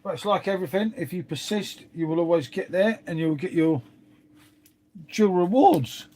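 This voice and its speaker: A man's voice: high-pitched, animated, moderate pace, warm tone. Rambling, swearing man. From England. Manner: swears freely, trails off, chatty asides to viewers. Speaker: live stream host. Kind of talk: rambling casual chat to viewers.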